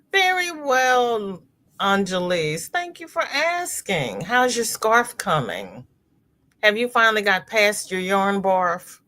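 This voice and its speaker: Here a woman hosts a crochet livestream in a mid-range voice. Casual and chatty, she reads her viewers' comments aloud, expressive and quick to laugh.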